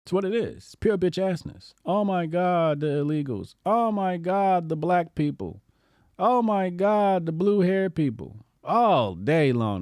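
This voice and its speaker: A man's voice: dry recording, studio quality. Profane, mocking male political commentator. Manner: profane, mocking impressions of opponents; animated, swings from low muttering to raised outbursts. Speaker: commentary show host.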